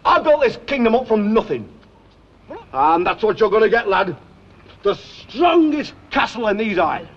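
Bossy king dad, lively swooping voice, dull old film sound, soft music. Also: sits high, moderate pace, full character voice. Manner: bossy, impatient, keeps calling his son lad. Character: blustering older king father, domineering.

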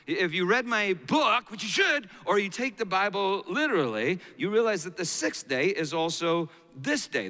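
A middle-aged man preaching a sermon as a pastor, swinging between hushed and loud passages. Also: on the high side. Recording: long reverb of a large hall.

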